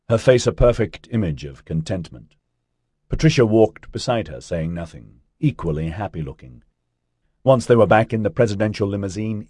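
A man's voice: low-pitched, slightly rough, no echo, studio quality. A man narrating an audiobook expressively, voicing every character himself. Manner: expressive, voices many characters.

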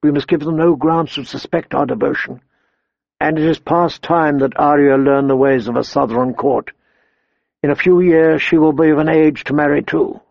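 Guy doing a weary stern lord in a storybook, solemn and quiet, gravelly, dull dry sound. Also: steady tone, normal speed, dry recording. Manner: solemn and firm, low and restrained. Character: grave, weary nobleman and father.

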